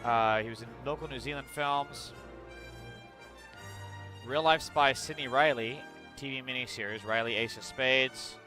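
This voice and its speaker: A man's voice: mid-range voice, unhurried, bright, forceful tone, faint music behind. A male streamer chatting casually and bluntly on a livestream, swearing freely and reacting aloud as he reads news.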